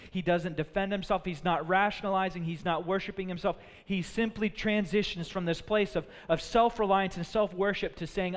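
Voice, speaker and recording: A man preaching a sermon, earnest, often repeating words as he builds a point and dropping low and quiet for sad moments. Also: steady tone, moderate pace. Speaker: pastor. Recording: long hall reverb.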